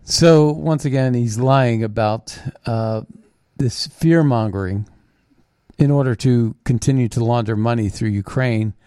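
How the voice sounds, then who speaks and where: A man's voice: medium pitch, measured pace, warm tone, clear, resonant tone, no room sound, studio quality. A man hosting a political commentary show, reading news items and reacting in a blunt, scornful, combative way. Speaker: host.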